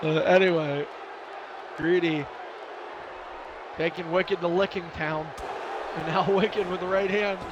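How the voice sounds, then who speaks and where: Excitable high-voiced man calling wrestling. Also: unhurried, long pauses, highs cut off, a crowd in the background, noisy background. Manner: excitable, shouting at big moves, laughing asides. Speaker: play-by-play commentator. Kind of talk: live play-by-play commentary of a video game wrestling match.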